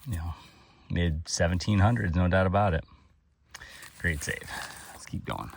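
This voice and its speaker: A man's voice: low voice, a little slow, creaky, recorded from a distance, slight background noise. A man hosting a metal detecting vlog outdoors at a dig site, talking with lots of fillers and exclamations as he digs. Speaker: metal detecting channel host.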